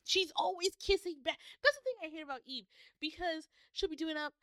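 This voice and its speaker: A woman's voice: very high voice, a little fast, fairly bright tone, dry recording. A woman in a casual chat recapping a novel, adding wry, teasing remarks. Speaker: book club podcast co-host.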